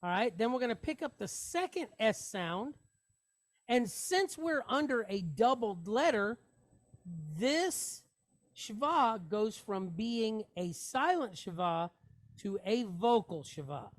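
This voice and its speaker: A woman's voice: on the high side, lively intonation, takes it slowly. A woman teaching a Hebrew reading lesson, patiently sounding out each syllable and repeating words aloud.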